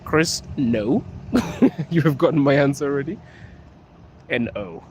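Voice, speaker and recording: A man's voice: medium pitch, lively intonation, unhurried, darkish tone. A man from Africa live-streaming as he walks outdoors through city streets, chatting casually, laughing often and answering viewers' comments. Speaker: vlogger. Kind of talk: live-streamed walking vlog. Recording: noisy outdoor street recording.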